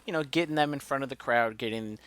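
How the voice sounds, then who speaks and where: A man's voice: mid-range voice, quick pace, fairly bright tone, clear, resonant tone, no room sound. A man casually recapping a wrestling show as a podcast co-host, joking and ranting with mock outrage.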